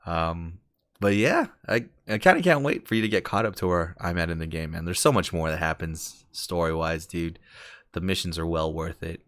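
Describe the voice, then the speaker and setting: A man's voice: sits low, lively intonation, normal speed, fairly bright tone, no echo, studio quality. A man hosting a casual gaming podcast, laid-back and slangy, telling game stories. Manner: laid-back, slangy, says "dude" a lot. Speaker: podcast host. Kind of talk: casual chat.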